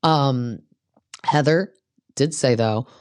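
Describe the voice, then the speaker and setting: A woman's voice: a bass voice, slow pace, darkish tone, dry recording, studio quality. A woman hosting a casual gossip recap of reality TV, blunt and opinionated, who swears freely.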